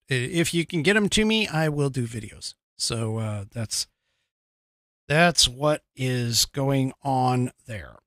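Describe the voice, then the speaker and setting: A man's voice: a little high, a bit bright, dry recording, clean studio sound. A man hosting a podcast, talking in a casual, rambling way with lots of fillers, restarts and frequent chuckles. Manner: chuckles often. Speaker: podcast host.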